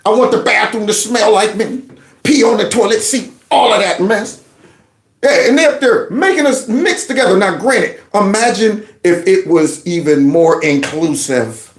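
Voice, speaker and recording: A man hosting a political commentary channel, reacting to clips in an animated, mocking way. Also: high-pitched, normal speed, reverberant. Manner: animated, mocking, mimics others in exaggerated voices.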